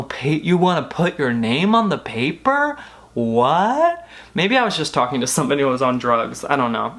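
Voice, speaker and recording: A man's voice: high voice, a bit bright. A young man delivering a comedic monologue to camera in a sarcastic, mock-indignant way.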